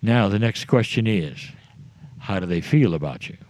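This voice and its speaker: A man giving a spiritual talk to a group, slow and deliberate, letting his voice drop low at the ends of phrases. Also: animated, a little mellow, dry recording. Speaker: spiritual speaker.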